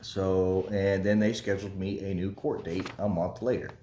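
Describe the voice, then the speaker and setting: Chatty low-voiced man telling a story. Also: steady tone, normal speed, dark tone, reverberant, slight background noise. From Kentucky. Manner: rambling, chatty, many fillers and laughs. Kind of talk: casual storytelling.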